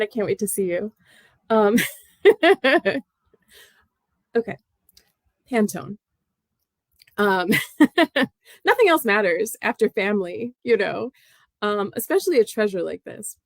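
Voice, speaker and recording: A middle-aged woman from the United States hosts a casual knitting livestream. She talks loosely and with feeling, laughs often, and calls out to viewers by name. Her voice sits at a medium pitch and is recorded close and dry. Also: lively intonation, unhurried, creaky, long pauses, no room sound.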